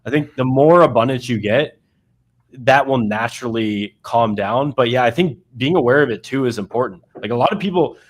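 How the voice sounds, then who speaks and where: A man on a panel talking in a relaxed way and telling anecdotes about coaching clients. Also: medium pitch, moderate pace. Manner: laid-back, tells anecdotes. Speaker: panel guest. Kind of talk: casual panel talk.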